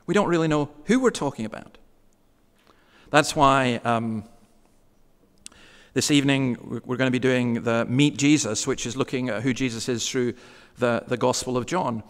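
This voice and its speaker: A man preaching a sermon in a church, talking conversationally and slowing down to stress key words. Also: medium pitch, big-room sound. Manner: conversational preaching, slows for emphasis.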